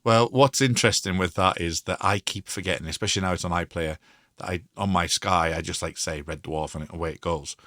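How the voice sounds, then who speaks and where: A man's voice: deep voice, a little fast, fairly bright tone, no echo, clean studio sound. A man on a podcast panel, chatting enthusiastically in a rambling way and acting out quoted lines. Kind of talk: casual chat. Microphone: home podcast mic.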